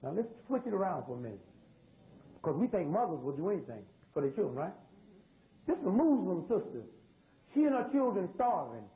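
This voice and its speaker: A man's voice: high-pitched, sing-song, a little fast, long pauses, warm tone, poor audio. An American man giving a live lecture in a room with an audience. He tells stories in loose, drawling speech and keeps asking the crowd questions. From United States. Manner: drawling, loose spoken grammar. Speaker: speaker addressing an audience. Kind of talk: live lecture with call-and-response.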